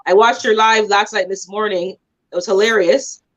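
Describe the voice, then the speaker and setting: A woman's voice: mid-range voice, steady tone, moderate pace. A woman chatting casually on a livestream, greeting viewers as she talks. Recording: dull lo-fi stream audio.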